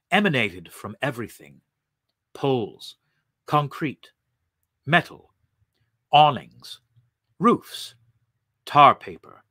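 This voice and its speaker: Slow, expressive male story reader. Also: medium pitch, no echo, clean studio sound. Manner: slow, expressive, vivid narration. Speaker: actor reading aloud. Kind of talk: dramatic story reading.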